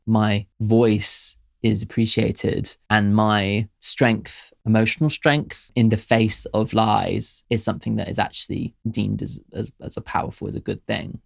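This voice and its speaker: A man hosting a music reaction show, thinking aloud casually, excitable, swearing freely and trailing off into musings. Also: on the low side, creaky. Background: music playing from the video.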